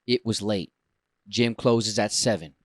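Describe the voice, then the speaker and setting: A man's voice: on the low side, unhurried, slightly rough, dry recording, studio quality. A man co-hosting a podcast, telling a story in casual chat and getting worked up as he swears along the way. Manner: animated, gets worked up and swears. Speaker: podcast co-host.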